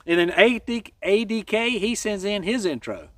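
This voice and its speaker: High-voiced folksy man hosting trail updates. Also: animated, moderate pace, fairly bright tone, no room sound, recorded from a distance. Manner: folksy, rambling, self-deprecating jokes. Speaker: hiking channel host. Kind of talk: casual trail update chat.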